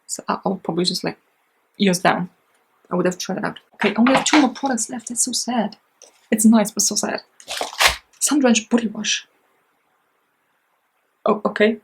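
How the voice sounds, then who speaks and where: A woman chatting casually and excitedly through a beauty box unboxing, with lots of fillers and gushing reactions. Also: mid-range voice, moderate pace, gravelly, long pauses, slight background noise, poor audio. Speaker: beauty vlogger.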